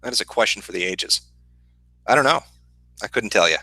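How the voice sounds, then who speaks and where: A man with a Midwestern accent, hosting a casual livestream and answering chat questions in a profane, deadpan, sardonic way. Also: lowish voice, brisk, husky, no echo, rough recording. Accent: Midwestern American.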